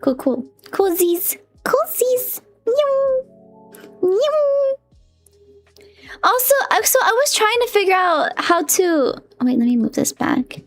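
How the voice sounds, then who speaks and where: With faint music behind her, a woman VTuber chats casually to her live-stream viewers at normal speed, barely pausing, in a very high, slightly bright voice with big pitch swings. She giggles, gets flustered, squeals often, and talks to herself while sorting out her setup.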